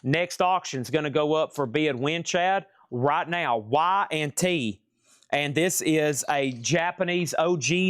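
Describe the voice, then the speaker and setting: A man hosting a live vinyl record sale stream from a record shop, calling prices in joking, rapid-fire patter and repeating his lines. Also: fairly high pitch, fairly bright tone, no room sound, clean studio sound.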